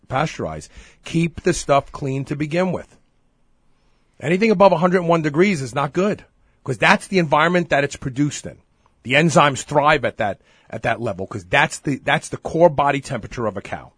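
Animated husky-voiced male host. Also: a little high, dry recording, clean studio sound. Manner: animated, opinionated, repeats words when starting. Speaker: podcast host. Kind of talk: casual chat.

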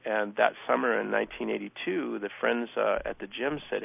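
A man's voice: on the low side, little pitch movement, moderate pace, vocal fry, few pauses, no room sound. A middle-aged former athlete, a guest telling stories in a casual interview and acting out the exchanges he quotes. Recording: dry, phone-like narrow sound.

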